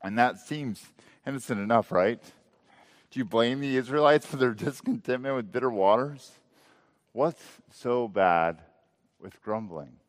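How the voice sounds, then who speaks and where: A male pastor preaching a sermon, asking rhetorical questions and letting his voice swell and then drop low. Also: animated, unhurried, long reverb tail.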